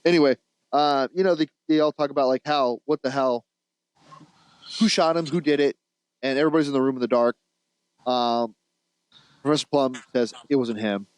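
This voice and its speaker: A man's voice: medium pitch, normal speed, long pauses, smooth, dry recording, low-quality recording. A man co-hosting a podcast, casually retelling a movie plot in a rambling, laughing way, with restarts and the odd swear. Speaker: podcast co-host.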